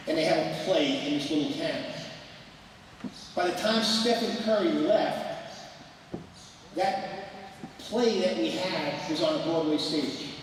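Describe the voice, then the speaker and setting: An older man, a basketball coach, lecturing at a clinic in an animated, emphatic way that breaks into shouts. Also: high voice, a little hiss or hum. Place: large gym hall at a clinic. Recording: echoey hall, distant mic, faint ambience.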